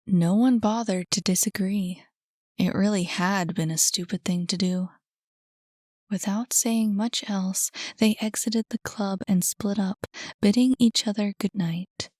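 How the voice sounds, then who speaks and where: A woman reads an audiobook in an unhurried, measured way. The sound is close and dry, with a mid-range voice. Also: medium pitch, steady tone, a little mellow, no room sound. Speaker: audiobook narrator. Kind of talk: scripted narration.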